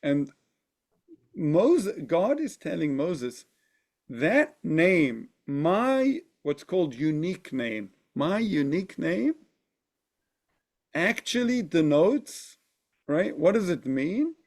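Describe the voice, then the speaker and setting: A man leads a study class at an unhurried pace, his voice sitting a little high for a man. He works through ideas slowly and keeps asking his listeners whether they follow. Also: very animated. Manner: thoughtful, often asks "right?". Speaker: teacher. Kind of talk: text study lesson.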